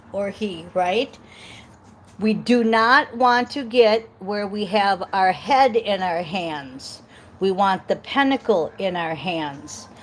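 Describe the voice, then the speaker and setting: A woman gives a casual tarot reading outdoors, chatty and reassuring, frequently checking in with the listener through lots of okays and rhetorical questions. Her voice is medium in pitch, and the rough recording carries a little hiss or hum.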